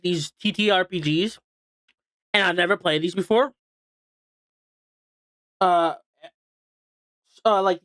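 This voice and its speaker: A man's voice: high-pitched, a bit bright, clean tone, dry recording, studio quality. A man streaming and chatting casually while eating, rambling with lots of fillers and restarts. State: hiccuping.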